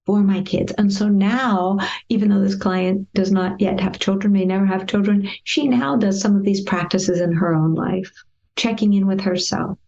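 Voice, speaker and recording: A woman therapist speaking as an interview guest, her voice gravelly with a dark, mellow tone. She tells stories gently and acts out the dialogue as she goes. The audio is dull and somewhat lo-fi. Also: mid-range voice, normal speed. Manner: gentle, lively storyteller acting out past dialogue. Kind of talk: interview storytelling.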